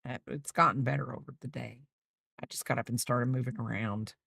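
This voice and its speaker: A woman's voice: rumbling low, steady tone, fairly quick, gravelly, a bit bright, no echo. Rambling, chatty middle-aged woman, dry sound. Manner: rambling, chatty, trails off mid-sentence. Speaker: crochet channel host. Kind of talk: casual chat while crocheting, replying to viewers.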